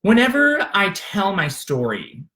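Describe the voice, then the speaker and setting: A man's voice: high voice, wildly swooping pitch, measured pace, sharp tone. A man from Arkansas narrating his memoir off the cuff, candid and emotional, with plenty of fillers and restarts. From Arkansas, USA.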